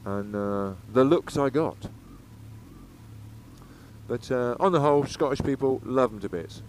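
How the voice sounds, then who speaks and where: An English motorcycle vlogger chats away while riding, swearing freely and wandering from topic to topic. His medium-pitched voice is animated, slightly slow and a little mellow. The helmet-mounted action camera picks up faint road and engine noise.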